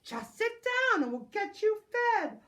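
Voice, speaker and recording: A woman's voice: very high-pitched, sing-song, measured pace, fairly bright tone, voice pushed up, heavily acted. A woman voicing a flustered male cafe waiter in a storybook, exasperated and scolding. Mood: pleading.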